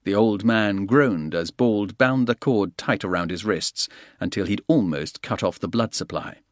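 A man reads an action thriller aloud in a steady, brisk manner. His voice sits low, and the recording is dry and close with no room sound. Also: no echo. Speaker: audiobook narrator. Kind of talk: scripted narration.

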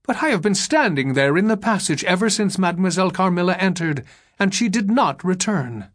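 An anxious governess presses her question again and again, her voice lifted higher and hurried, as a man puts her on. She sounds insistent and fretful, a storybook figure. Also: lively intonation, a bit bright. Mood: impatient. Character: impatient middle-aged French governess woman.

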